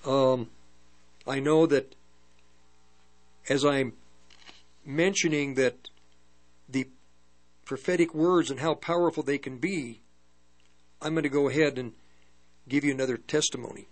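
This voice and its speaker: An older man preaching and telling a personal testimony in a halting storytelling way, with many restarts. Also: mid-range voice. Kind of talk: testimony sermon.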